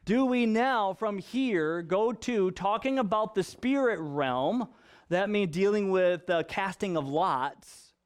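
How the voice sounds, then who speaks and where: A male pastor preaching a sermon, animated and full of rhetorical questions, acting out quotes and making joking asides. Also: high-pitched, slow, clean tone.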